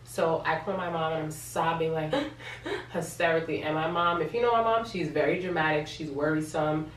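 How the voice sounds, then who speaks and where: A young New York woman with a deep, brisk voice tells a personal story in a casual vlog, emotional and repeating words for emphasis. She's recorded from a distance in an echoey room with a faint hum.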